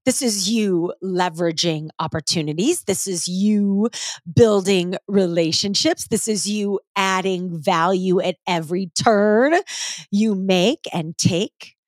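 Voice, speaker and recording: A woman's voice: mid-range voice, slow pace, dry recording, studio quality. A woman in her forties hosting a casual solo podcast, talking in an upbeat, slangy way. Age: 40s. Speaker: podcast host.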